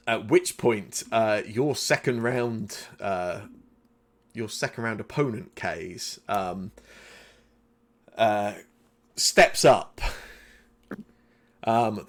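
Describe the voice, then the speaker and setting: A man's voice: on the low side, extremely slow, pauses often. A man narrating as game master of a tabletop game, rambling and restarting with many fillers.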